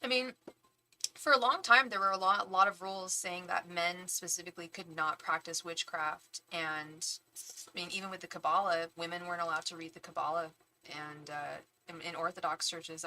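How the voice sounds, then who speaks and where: A woman doing a live tarot reading in a bright, clear voice. She chats casually with viewers in animated bursts and restarts often. At other times she softly repeats a chanted invocation. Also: on the low side, normal speed, a little hiss or hum, rough recording. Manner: chatty and animated, with frequent restarts. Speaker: tarot reader and psychic medium. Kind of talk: casual chat on a live stream.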